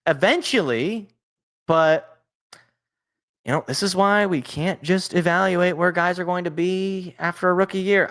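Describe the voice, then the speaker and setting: A man's voice: high-pitched, fairly bright tone. Rambling young man hosting sports talk. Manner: rambling, self-deprecating asides, joking tangents. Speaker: sports podcast host. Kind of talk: casual solo sports talk.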